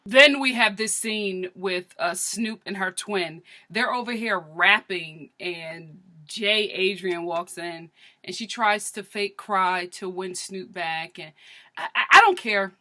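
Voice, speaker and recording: A woman's voice: mid-range voice, slow. A woman from Philadelphia giving a sassy, opinionated comedic recap of a reality TV episode. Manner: sassy, opinionated, animated rants.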